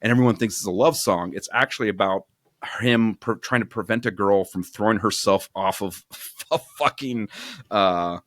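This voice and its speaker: A man's voice: lowish voice, moderate pace, fairly bright tone, no echo, clean studio sound. A man co-hosting a podcast, chatting casually and crudely about a romance novel, rambling with jokes and filler. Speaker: podcast co-host. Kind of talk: casual book review chat.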